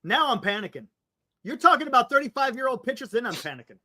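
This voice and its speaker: Animated male sports-talk co-host. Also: extremely high pitch, fast, dry recording, clean studio sound. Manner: animated, exclamatory, calming others down. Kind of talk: casual sports chat.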